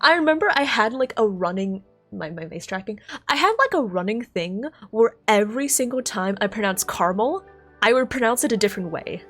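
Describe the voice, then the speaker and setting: A woman's voice: mid-range voice, expressive, fairly quick, fairly bright tone, soft background music. An American woman streaming live, chatting casually and thinking aloud, often stopping to correct herself. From United States.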